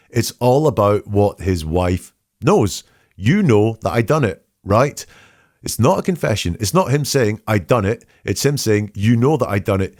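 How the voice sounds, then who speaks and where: A man hosting a podcast, analysing statements in a measured, questioning way and reading quotes aloud. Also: fairly low pitch, a little mellow, no room sound, clean studio sound. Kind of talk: analytical commentary.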